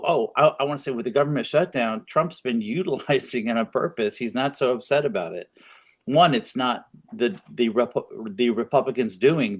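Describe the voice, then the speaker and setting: A man co-hosting a political podcast, talking in a rambling, opinionated way with frequent restarts. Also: medium pitch. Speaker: podcast co-host. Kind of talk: casual political chat.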